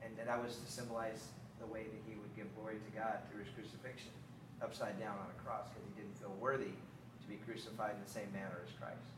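A middle-aged man giving a sermon, telling stories lively and then turning quiet and reflective. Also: fairly low pitch, fast, noisy background. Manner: animated storytelling, acting out scripture dialogue. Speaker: speaker on faith and parenting. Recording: roomy echo, mic at a distance.

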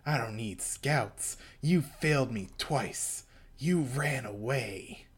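A man voicing a cold, domineering vampire lord in a low, quiet, slow and menacing tone. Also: expressive, husky.

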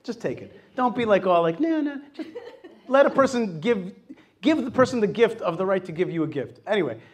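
A middle-aged man hosting a talk show, telling stories in a lively, animated way and acting out what people said to him. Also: sits high, brisk. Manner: animated storytelling, acts out quotes. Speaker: host. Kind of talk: casual radio talk.

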